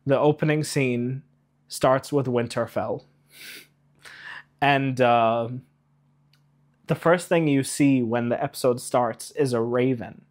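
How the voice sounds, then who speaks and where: A man in an excited spoiler rant reviewing a TV episode, animated, rushing ahead and getting emotional along the way. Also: medium pitch. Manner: animated, rushes and trails off, emotional asides. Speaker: YouTube reviewer.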